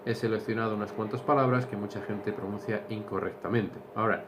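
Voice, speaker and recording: A man teaching English to Spanish speakers, explaining slowly and repeating each point in Spanish. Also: fairly low pitch, fairly even intonation, background noise. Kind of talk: bilingual language lesson.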